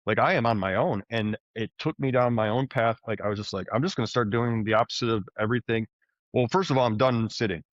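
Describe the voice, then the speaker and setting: Male podcast guest, mid pitch, eager storyteller who keeps restarting sentences, dry close sound, a bit dull. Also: fast, no echo. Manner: animated, frequent restarts and fillers. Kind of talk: conversational storytelling. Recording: dull, slightly muffled podcast audio.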